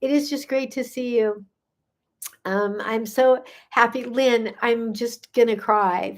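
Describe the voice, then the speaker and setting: A middle-aged woman, a gut health coach, chatting casually on a live stream and answering viewer comments, effusive and full of "um"s. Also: medium pitch. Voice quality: effusive, gushing, with many fillers.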